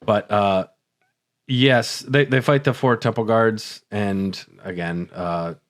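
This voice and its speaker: A man's voice: lowish voice, takes it slowly. A man co-hosting a casual movie podcast, chatting and retelling trivia with dry jokes. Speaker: podcast co-host.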